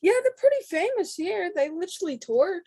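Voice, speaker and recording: A woman's voice: very high voice, big pitch swings, brisk, dark tone. A woman, hosting a podcast interview and chatting in a bubbly way. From Western New York. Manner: bubbly, enthusiastic. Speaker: podcast host. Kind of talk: casual interview chat.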